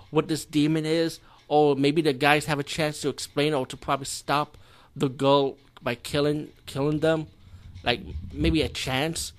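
A young man with a fairly high voice tears into a film he disliked, cursing freely. He sounds exasperated and incredulous, jumping from loud outbursts down to muttered asides. It plays as an unscripted movie review rant.

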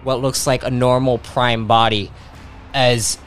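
A man's voice: medium pitch, level tone, fairly bright tone, faint music behind. A man narrating a tabletop role-playing game as game master, stumbling and restarting his sentences. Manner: halting, many restarts.

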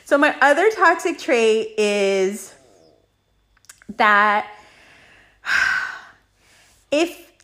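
A fairly high-voiced woman hosts a podcast, spilling a personal story in a loose, confessional ramble. She leans on "like" constantly, curses freely and keeps breaking into laughter. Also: lively intonation, drawn-out words, pauses often, sharp tone. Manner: rambling, many "like" fillers, swears freely, laughs often. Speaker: podcast host.

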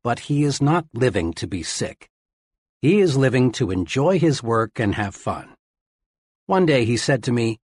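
A man giving a steady, earnest reading of scripted self-help narration, in the manner of an audiobook narrator. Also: medium pitch, measured pace, slightly rough, no echo, studio quality.

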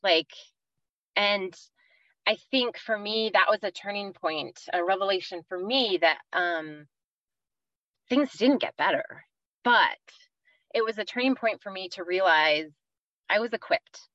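A woman's voice: medium pitch, a little slow, pauses often, sharp tone, no room sound, dull audio. A woman from the East Coast of the United States, in her thirties, telling an earnest personal faith story as a podcast guest, with many fillers.

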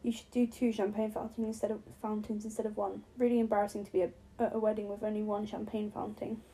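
A woman's voice: mid-range voice, flat delivery, fast talker, warm tone, breathy edge, low-quality recording. A woman reading the part of a cocky, tipsy young man who teases and provokes. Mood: teasing. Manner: teasing, provoking.

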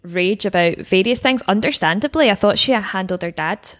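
Woman, podcast co-host, chatty and wry, mid-pitched. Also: moderate pace, fairly bright tone. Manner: chatty, wry, laughs often. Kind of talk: casual recap chat.

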